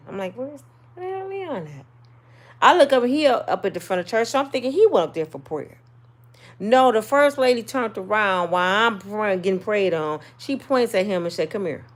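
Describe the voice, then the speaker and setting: A middle-aged woman, telling viewers a personal story in a casual, sassy, animated way. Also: medium pitch, a little fast. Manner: animated, sassy, swings between loud and soft. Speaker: channel host.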